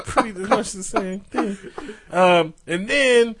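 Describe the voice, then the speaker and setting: A man's voice: high voice, takes it slowly, pauses often, very noisy. A man co-hosting a podcast, trading jokes in casual chat and laughing as he talks. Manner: laughing, mock-quizzing voice. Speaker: podcast co-host.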